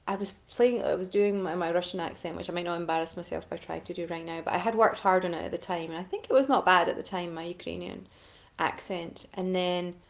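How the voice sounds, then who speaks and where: Chatty woman with a low, gravelly voice. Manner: chatty, rambling, self-deprecating. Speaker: actress answering fan requests. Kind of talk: casual chat to camera.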